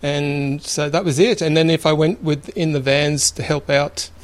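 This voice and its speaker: A man in his fifties with an Australian accent, telling family stories in a relaxed, rambling way with many fillers. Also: fairly high pitch, moderate pace. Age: 50s. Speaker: interviewee. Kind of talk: relaxed storytelling.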